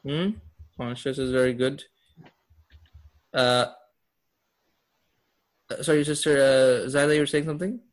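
A man's voice: mid-range voice, fairly even intonation, unhurried, long pauses. A man teaching a class on Quranic Arabic, quizzing his students and laughing often. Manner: asks students questions, upbeat with laughs. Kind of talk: classroom lesson.

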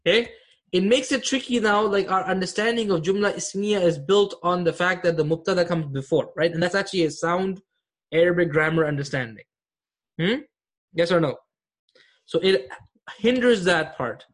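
A man's voice: high-pitched, moderate pace. A man teaching an online Arabic grammar class, explaining patiently and often checking that students follow.

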